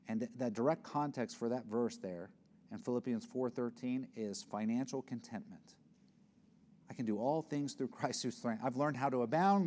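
A man's voice: medium pitch, warm tone. A man preaching a sermon in an earnest, conversational way, often restarting his phrases. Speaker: pastor.

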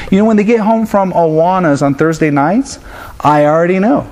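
Man preaching a sermon, slightly high voice. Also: normal speed, darkish tone. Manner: earnest preaching that puts on his children's voices in quotes. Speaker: pastor.

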